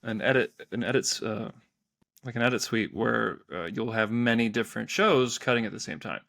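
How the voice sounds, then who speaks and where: A man's voice: medium pitch, moderate pace, creaky, a bit bright. Chatty male podcast co-host. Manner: chatty storyteller, playful quoted voices. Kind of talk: casual chat.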